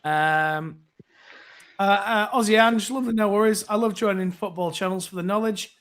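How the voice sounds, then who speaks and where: A man's voice: high-pitched, normal speed, fairly bright tone. A man hosting a casual live phone-in, reading out viewer comments in a chatty, rambling way with plenty of fillers.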